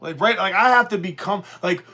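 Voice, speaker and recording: A man's voice: sits high, a little fast, bright, forceful tone, faint music behind. A man hosting a live stream, ranting bluntly and profanely in a rambling, casual way.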